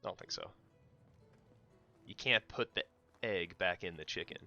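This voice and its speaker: A man's voice: low-pitched, normal speed, creaky, bright, forceful tone, lo-fi sound, faint music behind. An American man livestreaming a game, chatting casually and teasing his co-host in joking banter. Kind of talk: casual chat while gaming.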